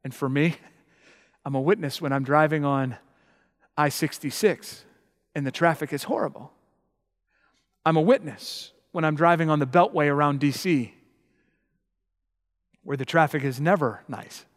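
A man preaching a sermon as pastor, emphatic and building to loud, passionate peaks. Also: a little high, normal speed, pauses often, long reverb tail.

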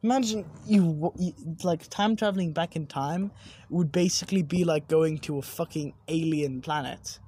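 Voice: medium pitch, moderate pace, warm tone, slightly rough. A young adult vlogger rambling casually outdoors at night, swearing often and stopping mid-word to correct themselves. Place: outdoors at night overlooking buildings.

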